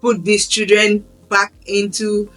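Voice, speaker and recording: A woman talks to camera about raising her children, earnest and conversational, often circling back to restart a phrase. Her voice sits in a middle pitch. She is set a little back from the mic, with quiet music running underneath. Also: completely flat delivery, slow pace. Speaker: parenting vlogger. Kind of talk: casual talk to camera. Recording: slightly distant mic with faint background music.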